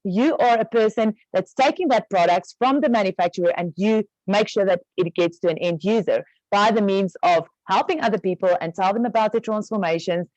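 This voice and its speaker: A woman's voice: medium pitch, darkish tone, no echo, dull audio. A woman explaining business terms step by step on an online training call, casual with many fillers. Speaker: network marketing trainer.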